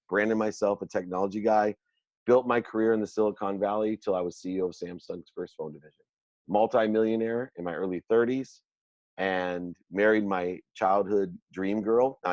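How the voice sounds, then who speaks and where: Middle-aged man, lowish voice, animated self-mocking storyteller, interview guest, dull lo-fi dry recording. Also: dry recording. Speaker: guest entrepreneur.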